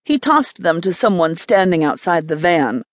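A woman narrating a romance thriller audiobook in an expressive, scripted reading. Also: lowish voice, moderate pace, dry recording, clean studio sound.

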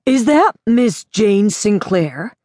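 Woman narrator voices a brisk, pushy American man with a husky drawl who talks over people. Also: medium pitch, big pitch swings, warm tone, no room sound, clean studio sound. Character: smooth-talking American businessman on the phone.

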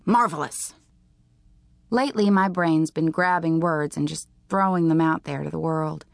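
A woman narrating a teen novel in the first person, in a dry, deliberate, wry way. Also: sits low, fairly even intonation, creaky, no room sound. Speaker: audiobook narrator.

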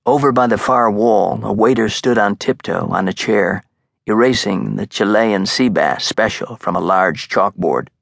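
A man reading a thriller audiobook in a measured, suspenseful narration. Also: on the low side, gravelly, a bit bright, no room sound. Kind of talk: scripted narration. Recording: dry, close studio sound.

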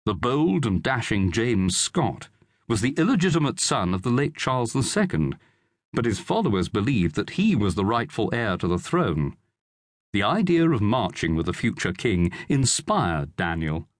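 A man narrating a historical novel as an audiobook reader, in a measured, expressive storytelling manner. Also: fairly low pitch, no room sound, clean studio sound. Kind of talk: scripted narration.

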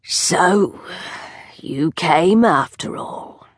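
A hoarse, cryptic old witch from a storybook who seldom speaks, her words slow and half whispered, as a woman narrator puts her on. Her voice sits low and dry, close to the mic. She is eager and sharp under the riddles. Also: lively intonation, no echo, exaggerated voice. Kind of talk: audiobook character voice.

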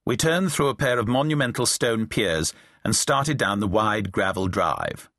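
A man's voice: fairly low pitch, animated, a little slow, fairly bright tone, dry recording. A middle-aged man reading a novel aloud, with dry, wry storytelling. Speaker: audiobook narrator. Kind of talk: reading a novel aloud, voicing characters lightly. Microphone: close studio mic, dry booth.

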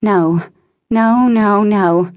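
A woman's voice: mid-range voice, extremely slow, highs cut off, pitched above the performer's own voice. A woman voicing a desperate, obsessive teenage girl who pleads in a raised, tearful voice.

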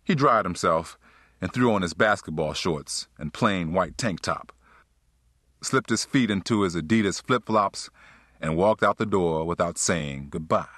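A man narrating an audiobook in a smooth, expressive storytelling manner. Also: low voice, a little slow, no room sound, clean studio sound. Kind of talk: scripted narration.

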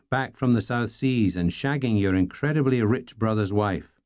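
A man's voice: mid-range voice, sing-song, unhurried. A man narrating a first-person novel in a dry, wry storytelling manner. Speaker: audiobook narrator.

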